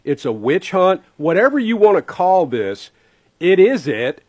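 A man's voice: high-pitched, big pitch swings, measured pace, a little mellow. A man co-hosting a morning radio talk show, chatty and joking, laughing easily. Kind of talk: casual morning radio chat.

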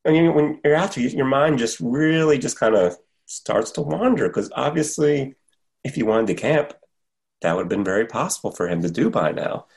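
A man who hikes, telling a story as a podcast guest in a casual, animated way, his voice jumping up at the scary parts. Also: mid-range voice, normal speed, creaky.

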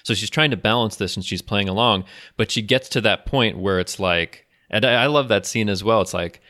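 A man hosting a podcast, casually leading the discussion in a measured way. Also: lowish voice, sharp tone. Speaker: podcast host.

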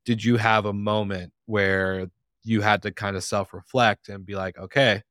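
A man's voice: lowish voice, steady tone, normal speed, a bit bright, clean tone, no echo, clean studio sound. A young man hosting a podcast, asking long, loose, friendly questions. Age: young adult. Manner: friendly, rambling questions with fillers. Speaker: podcast host. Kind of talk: casual podcast interview.

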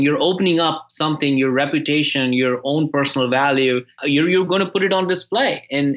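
Man, casual conversation, halting and repetitive, animated storyteller, slightly dull sound. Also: fairly high pitch. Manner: halting, repeats words when restarting, animated when telling stories. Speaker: podcast guest and author.

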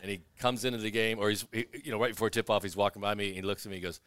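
A man's voice: lowish voice, very fast, hardly any pauses, smooth, dry recording. A man who works as an arena announcer, telling stories in a casual chat and acting out what others said. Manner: animated, acts out quotes of others. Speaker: arena announcer, podcast guest. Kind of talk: casual storytelling.

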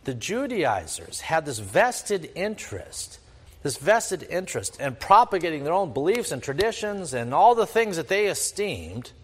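Male pastor, emphatic teaching preacher with a swinging, animated delivery, heard through a big hall's long echo. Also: fairly high pitch. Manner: emphatic and repetitive, rhetorical questions. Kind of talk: expository sermon. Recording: long reverb of a large hall.

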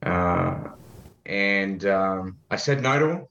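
An Australian man speaks as a guest in a relaxed interview, joking and swearing casually. His voice sits fairly low and sounds echoey and muffled, like a lo-fi call recording. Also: slow pace, gravelly. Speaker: guest, ad consultant.

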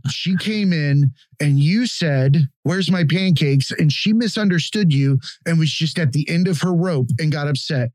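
Blunt, fairly high-voiced podcast host man. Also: moderate pace, few pauses, a little mellow, no room sound. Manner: opinionated, blunt, swears freely. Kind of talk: casual podcast chat.

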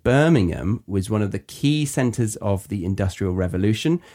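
Low-voiced, mellow woman podcast host. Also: animated, moderate pace. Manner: curious, asks questions, reads notes aloud. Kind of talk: casual chat.

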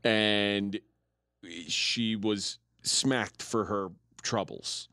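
A man's voice: lowish voice, fairly even intonation, extremely slow, sharp tone, clear, resonant tone, dry recording, clean studio sound. A man co-hosting a sports talk radio show, bantering playfully with his fellow hosts. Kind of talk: casual sports talk chat. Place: radio studio.

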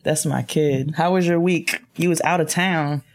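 A young adult woman co-hosting a casual podcast chat, telling stories in an animated way. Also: low voice, moderate pace. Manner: animated storytelling with laughs. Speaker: podcast co-host.

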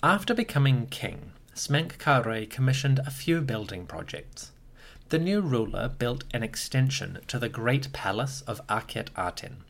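A man hosting a history podcast, reading a scripted narration with lively storytelling and occasional wry asides. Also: mid-range voice, a little slow, vocal fry. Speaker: podcast host.

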